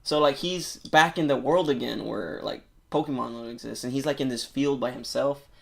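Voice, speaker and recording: A man on a podcast excitedly retelling a movie plot in casual, rambling chat, full of filler words and swearing. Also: mid-range voice, normal speed, gravelly. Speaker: podcast co-host.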